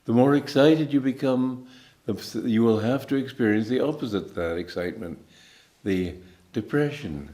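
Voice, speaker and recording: A man in his eighties giving a spiritual talk as a teacher, telling stories in a calm, unhurried way with pauses. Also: medium pitch. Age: 80s.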